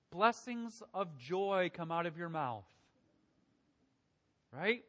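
A man's voice: fairly high pitch, a bit bright. A man preaching a conversational sermon, often asking his listeners questions as he works through scripture. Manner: conversational, asks the congregation questions. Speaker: pastor. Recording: long hall reverb.

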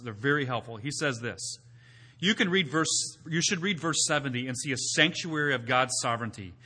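Male preacher, bright, tense tone, emphatic, asks rhetorical questions. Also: on the high side, husky. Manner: builds to loud emphatic peaks, then drops to quiet teaching. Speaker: pastor. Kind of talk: sermon.

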